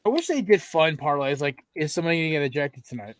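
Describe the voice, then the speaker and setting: A young man hosting a casual sports podcast, talking in an excitable, rambling, profane way. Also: fairly high pitch, fast. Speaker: podcast host.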